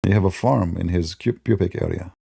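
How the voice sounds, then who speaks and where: Man, gravelly, sarcastic debate-show host with a mellow, dark tone. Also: brisk, no room sound, studio quality. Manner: mocking, sarcastic, imitates opponents in high voices. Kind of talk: polemical monologue.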